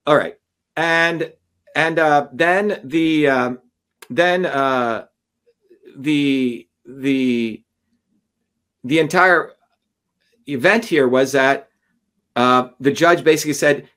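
A man telling a long story in an interview, animated and acting out the voices of others as he goes. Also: a little high, slow, long pauses. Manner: animated, acts out courtroom dialogue. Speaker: guest.

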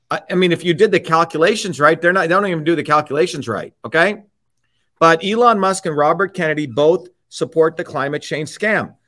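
High-pitched, heated male commentator. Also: sharp tone. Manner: angry, combative, repeats points with "okay?". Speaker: host.

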